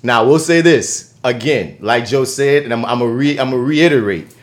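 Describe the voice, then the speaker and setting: A man's voice: mid-range voice, normal speed. A young man chatting loosely on a podcast, rambling and full of fillers. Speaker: podcast co-host. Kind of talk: casual chat.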